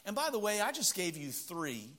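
A middle-aged man, preaching a sermon in church and telling stories, shifting between loud emphatic stretches and low quiet ones. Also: huge pitch swings, moderate pace. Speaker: pastor. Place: church sanctuary.

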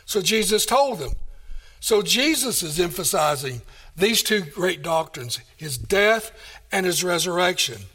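A man's voice: high voice, sing-song, measured pace, sharp tone, slightly rough. A man preaching a sermon, emphatic and full of rhetorical questions. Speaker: pastor.

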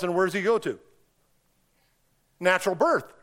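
A man with a notably high voice leads a Bible study, walking his class through scripture one verse at a time. He talks in a relaxed, conversational way and keeps throwing questions back at the group. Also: normal speed, pauses often. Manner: conversational, asks many rhetorical questions; reads and explains scripture verse by verse.

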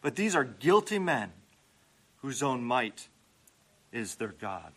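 A male pastor preaching a sermon in an animated way, acting out prayers and dropping humorous asides. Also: medium pitch, slow, slightly rough.

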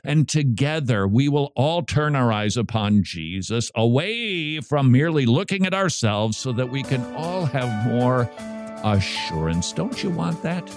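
A man hosting a Christian radio show, preaching emphatically with rhetorical questions and near shouts. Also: mid-range voice, very animated, a little slow, music in the background.

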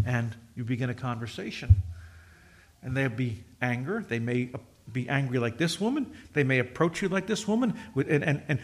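A man's voice: mid-range voice, big pitch swings, a little fast. A middle-aged male pastor preaching a sermon in a conversational, joking storytelling way, acting out quoted voices.

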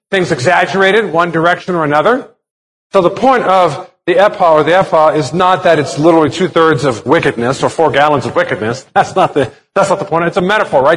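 A man preaching a sermon as a pastor, explaining a text step by step and asking rhetorical questions. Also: mid-range voice. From United States.

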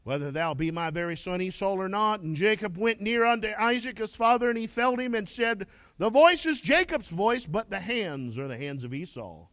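A man's voice: high voice, fairly quick, few pauses, fairly bright tone, dry recording. A man preaching a sermon, reading scripture aloud and then pressing his listeners with pointed questions. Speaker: pastor.

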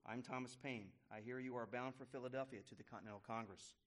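A man's voice: mid-range voice, fairly even intonation, a bit bright, close to an everyday voice. A man reading as an impatient, demanding pamphleteer. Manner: insistent, drawn-out syllables.

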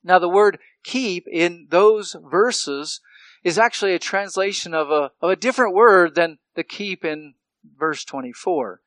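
A man's voice: high-pitched, a little slow, a bit bright, dry recording. A male pastor preaching a sermon in a conversational way, often checking in with "right?" and restarting phrases.

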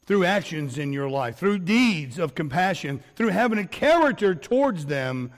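Middle-aged male pastor, high voice, earnest and repetitive sermon delivery in a church with long echo. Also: big pitch swings, moderate pace. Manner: earnest preaching with repetitions and fillers. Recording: long hall reverb.

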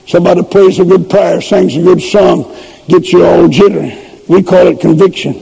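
A man preaching a fiery revival sermon at a church service, often shouting his points. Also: high voice, fairly even intonation, normal speed, gravelly, slightly rough. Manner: shouting, preaching with rising emphasis. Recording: long reverb from a church hall.

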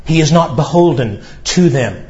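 A male pastor delivering a sermon, preaching emphatically with dramatic pauses. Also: a little high, lively intonation, darkish tone, muffled recording.

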